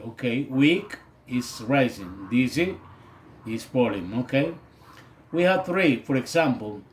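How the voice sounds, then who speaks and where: Brief: man teaching English, slow and hesitant, faint background noise. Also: medium pitch, expressive, darkish tone. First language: Spanish. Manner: hesitant, with many fillers. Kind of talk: recorded video lesson.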